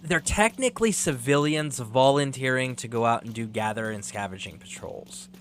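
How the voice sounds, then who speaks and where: A male game streamer talking to his chat in a relaxed, rambling way. He laughs often, swears freely, and slips into storytelling between bits of gameplay. His voice sits at an ordinary, middle pitch. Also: moderate pace, a little hiss or hum.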